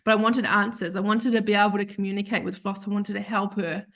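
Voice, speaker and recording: A woman's voice: mid-range voice, flat delivery, fast talker, a bit bright. A woman, a podcast guest, telling a heartfelt personal story in a rambling, self-correcting way that turns tearful at times. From Australia.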